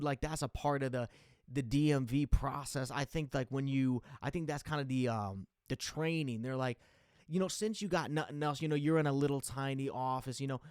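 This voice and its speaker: A young man hosting a comedy podcast, telling a rambling, casual, funny story in a laid-back way that gets animated as it goes. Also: a little high, clean tone, no room sound, clean studio sound.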